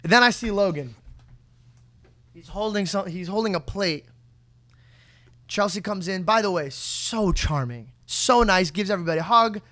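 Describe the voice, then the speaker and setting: A young man co-hosting a podcast, telling a story in a lively, profane way and acting out the people in it. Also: sits high, normal speed, long pauses. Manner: profane, acts out voices of people in his stories. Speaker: podcast co-host. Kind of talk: animated casual storytelling.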